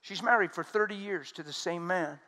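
A man preaching a sermon, telling stories emphatically and swinging between loud and hushed speech. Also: high-pitched, normal speed.

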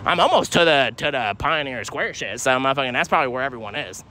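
A young man livestreaming while walking a city street, rambling, swearing constantly, and pitching strangers. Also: expressive, fast talker, noisy background. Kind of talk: live street streaming.

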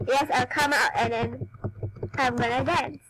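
A woman's voice: high-pitched, fairly even intonation, a little slow, crowd noise, rough recording. A young woman chatting casually while playing a dance game for her channel, a bit under the weather. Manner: chatty, giggly, self-mocking. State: slightly sick, coughing. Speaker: gaming YouTuber.

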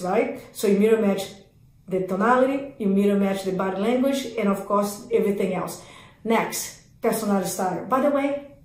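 A woman coaching real estate agents in an energetic sales training talk, speaking in emphatic, repetitive lists of commands. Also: mid-range voice, roomy sound, poor audio.

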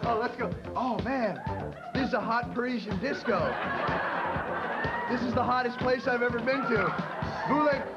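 A man's voice: very high-pitched, fairly even intonation, normal speed, pauses often, a loud crowd. A man hosting a comedy show, playing a wisecracking, over-the-top tourist in a sketch. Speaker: comedy talk show host. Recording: dull lo-fi TV audio with music and audience.

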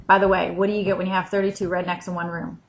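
A woman's voice: fairly low pitch, flat delivery, rapid-fire, vocal fry, rough recording. American woman vlogger, dry and sarcastic, scripted comedy list. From United States. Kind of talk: scripted comic vlog list.

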